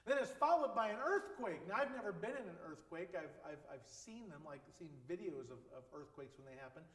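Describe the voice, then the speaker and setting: A man's voice: high-pitched, animated, a little fast, fairly bright tone. A man preaching an informal sermon as a pastor, speaking conversationally with joking asides. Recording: echoey hall with long reverb.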